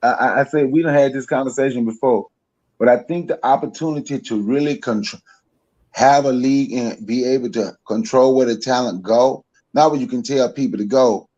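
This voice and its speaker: A man's voice: medium pitch, fairly quick, a little mellow, lo-fi sound. Laughing Southern man on a phone. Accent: Southern American. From Mississippi. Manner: laughs often, chuckling between points. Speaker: guest. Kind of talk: casual podcast chat.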